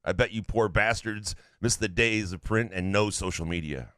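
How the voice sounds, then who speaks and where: A man's voice: on the low side, normal speed, a bit bright, smooth, dry recording. A man co-hosting a casual sports podcast, reading listener takes in a blunt, profane way. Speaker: podcast co-host.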